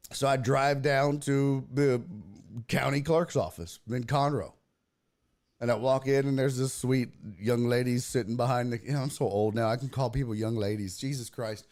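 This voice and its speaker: A man's voice: mid-range voice, steady tone, normal speed, darkish tone. A man from Texas, hosting a podcast and telling a story in a casual, profane, ranting way. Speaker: host.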